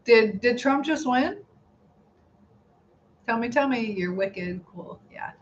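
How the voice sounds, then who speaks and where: A middle-aged woman chats slowly and unhurriedly on her live stream, giggling as she reads viewer comments aloud. Her voice comes through a phone mic with a slightly dull, lo-fi sound and faint background noise. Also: a little high, lively intonation. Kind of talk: casual live-stream chat reading comments.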